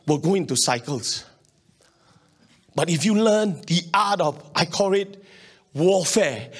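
This is a man preaching as a pastor, his Singaporean English accent carrying an energetic, casual sermon that invites the congregation to respond. The voice is high-pitched and husky.

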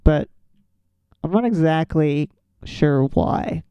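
Podcast co-host, male, slightly raised pitch with a fried, mellow tone; laid-back filler-heavy delivery. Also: slow, smooth, dry recording, lo-fi sound. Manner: relaxed, lots of fillers like "like" and "um". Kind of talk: casual chat about a film.

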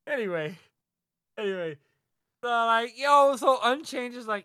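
Animated man retelling a story, dry mic. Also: very high-pitched, takes it slowly, pauses often, clear, resonant tone, no room sound. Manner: animated storyteller acting out characters with laughs. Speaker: podcast co-host. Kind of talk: casual chat recapping a manga chapter.

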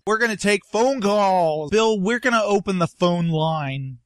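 Excitable high-voiced male podcast host. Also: a little slow, no room sound, clean studio sound. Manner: rambling, excitable storyteller. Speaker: show host. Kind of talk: casual podcast chat.

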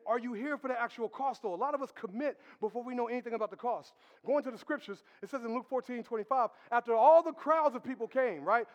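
A man's voice: very high-pitched, big-room sound, dull audio. A man preaching a casual, conversational sermon, addressing the congregation directly. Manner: conversational preaching with crowd asides, laughing. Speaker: pastor. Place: church.

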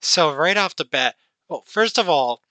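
A man's voice: a little high, expressive, unhurried, pushed and bright, no echo, poor audio. A man hosting a casual film-review podcast, rambling with lots of "you know" and "like". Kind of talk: casual chat.

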